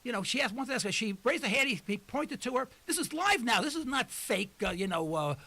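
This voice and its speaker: A man's voice: very high voice, animated, fairly quick, bright, forceful tone. A man in his sixties hosting a talk radio show from the studio, speaking in a rambling, emphatic monologue. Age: 60s.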